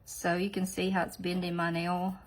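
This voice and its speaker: A woman hosting a nail tutorial, chatting in a rambling, sniffly way and often dropping into soft whispered asides. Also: lowish voice, monotone, normal speed, low-quality recording. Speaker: nail art channel host. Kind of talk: casual tutorial chat.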